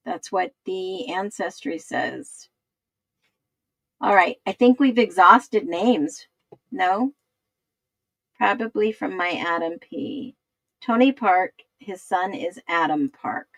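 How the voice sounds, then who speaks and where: A woman's voice: fairly low pitch, gravelly, no echo, low-quality recording. A woman hosting a casual livestream, thinking aloud and looking things up as she reads viewers' comments. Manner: thinks aloud, searching while she talks. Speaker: livestream host.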